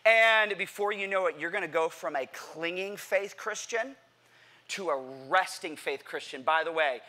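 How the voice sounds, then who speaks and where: A man preaching a sermon to a church congregation, animated and playful, asking the crowd questions and acting out what people say. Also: high voice, moderate pace. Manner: animated, playful, acts out quotes; addresses congregation directly with questions. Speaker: pastor. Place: church sanctuary.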